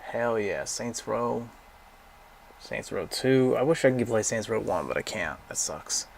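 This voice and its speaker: A man's voice: fairly low pitch, lively intonation, measured pace, gravelly, a little hiss or hum. A young man casually rambling through a game library, giving blunt, profane opinions and going off on tangents. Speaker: gaming vlogger.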